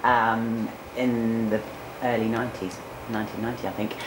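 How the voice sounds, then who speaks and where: A Cornish news presenter in her forties answers interview questions in a candid, chatty way, using fillers. Her voice is a rumbling low with level intonation at normal speed, recorded in an echoey room with noticeable background noise.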